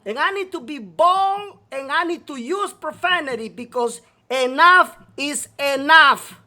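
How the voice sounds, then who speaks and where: Man, talk show host, high pitched, bright tone, profane scolding rant. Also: animated, a little slow. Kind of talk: ranting talk show monologue.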